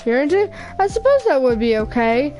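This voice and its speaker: A woman reading a visual novel aloud, voicing a shy, bookish teenage girl who talks haltingly and apologetically. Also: high voice, big pitch swings, darkish tone, soft background music, low-quality recording. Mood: nervous. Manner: halting, apologetic, stumbles over words.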